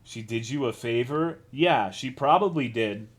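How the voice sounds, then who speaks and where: A man's voice: mid-range voice, measured pace. A man from Texas streaming, chatting casually and answering his chat in a rambling, profane, self-deprecating way. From Texas, USA.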